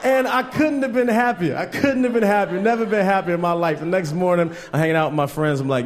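A man's voice: high-pitched, normal speed, slight background noise. Man doing a loose stand-up set. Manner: loose storytelling with loud acted quotes. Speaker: stand-up comedian. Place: comedy club stage. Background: crowd laughter.

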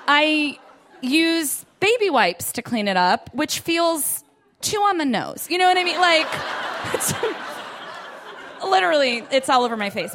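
High, lively young woman doing stand-up. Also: slight background noise. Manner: chatty, self-deprecating, lots of "like". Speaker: stand-up comedian. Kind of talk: stand-up set. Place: comedy club stage with audience. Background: audience laughter.

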